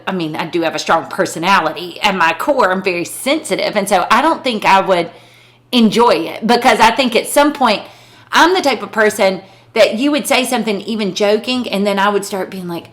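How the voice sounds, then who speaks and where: A middle-aged woman co-hosting a podcast, talking in a reflective, self-questioning way during a casual chat. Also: medium pitch. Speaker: podcast co-host.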